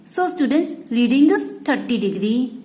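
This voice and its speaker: A woman teacher, explaining a lesson to students slowly and repeating each point. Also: high voice, sing-song, mellow, rough recording. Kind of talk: slow classroom explanation.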